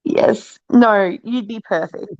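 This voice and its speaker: A woman's voice: mid-range voice, a little mellow, dry recording, dull audio. A woman from Australia with an Australian accent, chatting candidly as an interview guest, laughing often and swearing freely. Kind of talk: casual interview chat.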